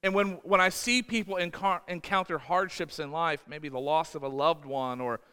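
A man's voice: a little high, fairly even intonation, normal speed, sharp tone, clear, resonant tone, big-room sound. A man preaching a sermon as pastor, emphatic and repeating words, often acting out voices in quotes. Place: church.

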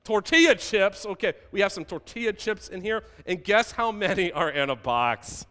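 Male pastor, fairly high voice, playful preaching, church hall reverb. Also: expressive, normal speed, pushed and bright. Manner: playful, asks the congregation questions. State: out of breath. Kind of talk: sermon with props. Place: church stage.

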